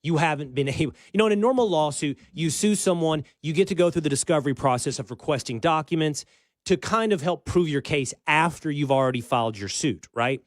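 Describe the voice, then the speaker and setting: A man's voice: on the high side, a little fast, dry recording. A man hosting a talk show, chatting in a casual, rambling, wry way. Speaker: show host.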